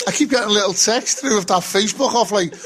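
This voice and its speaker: Laughing, sweary Scouse man with a high voice. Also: quick pace, fairly bright tone. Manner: sweary, laughs a lot while talking. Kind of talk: casual banter.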